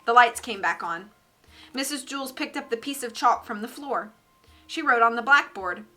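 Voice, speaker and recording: A woman streamer reading a children's book aloud, lively and doing character voices. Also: fairly high pitch, moderate pace, soft background music.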